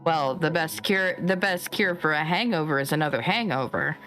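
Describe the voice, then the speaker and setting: A woman's voice: deep voice, moderate pace, a bit bright, faint music behind. A woman voicing a jovial male elf innkeeper who keeps pushing ale on his guests. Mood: teasing. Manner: jovial, keeps offering more drink.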